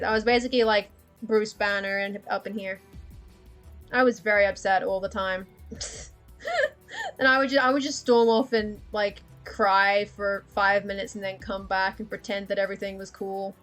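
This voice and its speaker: A woman's voice: medium pitch, fairly even intonation, moderate pace, a bit bright, faint music behind. A young woman, chatting candidly on a livestream, swearing freely and laughing often. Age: young adult. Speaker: livestream host. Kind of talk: casual livestream chat.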